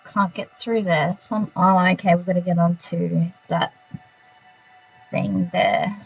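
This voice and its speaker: A woman's voice: fairly low pitch, fairly even intonation, slow pace, vocal fry, breathy edge, lo-fi sound, faint music behind. An Australian woman streaming a video game, chatting casually with viewers and muttering reactions as she plays. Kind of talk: casual gameplay chat with live viewers.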